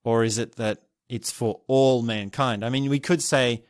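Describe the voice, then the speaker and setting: A man hosting a podcast alone, musing and thinking aloud, restarting his sentences and chuckling softly as he reflects. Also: mid-range voice, steady tone, unhurried, hardly any pauses, no echo, clean studio sound. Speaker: podcast host. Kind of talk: reflective solo podcast talk.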